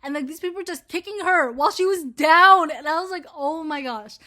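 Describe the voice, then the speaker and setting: A woman's voice: extremely high pitch, a little fast, bright, forceful tone. A woman in her twenties ranting casually to her viewers, swearing a lot and rambling with constant filler words. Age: 20s. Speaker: vlogger. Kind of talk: casual ranting commentary to camera.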